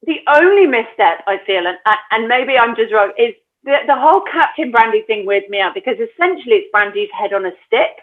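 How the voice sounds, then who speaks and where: A woman's voice: fairly high pitch, a little fast, few pauses. Sweary woman co-host on a tinny line. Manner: candid and sweary, animated opinions. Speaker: podcast co-host. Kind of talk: casual chat.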